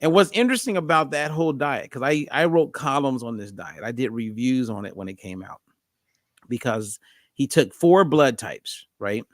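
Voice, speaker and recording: A man hosting a podcast, telling a story in a lively, conversational way. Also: medium pitch, moderate pace, no room sound, clean studio sound. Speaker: podcast host.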